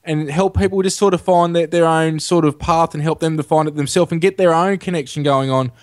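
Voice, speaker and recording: A man's voice: on the high side, fairly even intonation, fairly quick, no echo, studio quality. A man talking as a radio interview guest, hesitant and repeating himself as he searches for words. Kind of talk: casual radio interview talk.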